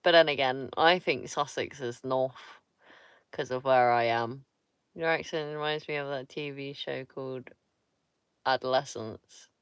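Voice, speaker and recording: A woman's voice: extremely low pitch, fairly even intonation, unhurried, clear, resonant tone, no echo, clean studio sound. A woman from Somerset, chatting casually with viewers on a livestream, blunt and teasing and swearing freely. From Somerset, England. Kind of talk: casual live-stream chat with viewers.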